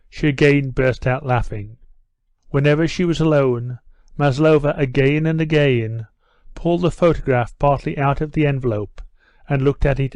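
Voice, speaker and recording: A man reading an audiobook as the narrator, in an even, measured delivery. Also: medium pitch, dry recording. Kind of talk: scripted narration.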